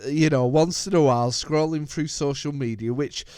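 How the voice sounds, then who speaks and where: A British man co-hosting a casual chat show, chatty and quick to laugh. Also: a little high, a little mellow, clean tone, no echo, clean studio sound. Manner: chatty, laughs often, slips into jokey accents. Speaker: co-host.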